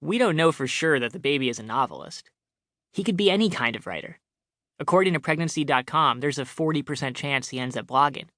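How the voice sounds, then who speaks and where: A man's voice: a little high, expressive, a little fast, sharp tone, dry recording, studio quality. A man voicing a nervous, defensive young husband in an audiobook story.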